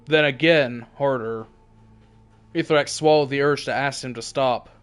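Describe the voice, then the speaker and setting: A man hosting a game video, reading story lore aloud in steady narration with casual asides. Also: medium pitch, a little slow, smooth. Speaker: let's play host.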